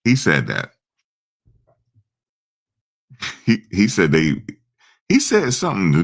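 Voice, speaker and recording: A man's voice: deep voice, huge pitch swings, measured pace, gravelly. A man hosting a casual live stream, rambling and answering viewers' comments. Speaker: livestream host.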